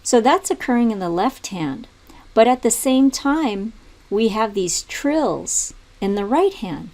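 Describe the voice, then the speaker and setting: A woman teaching music theory in a video tutorial, explaining step by step in a calm way and now and then singing rhythms aloud. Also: a little high, takes it slowly.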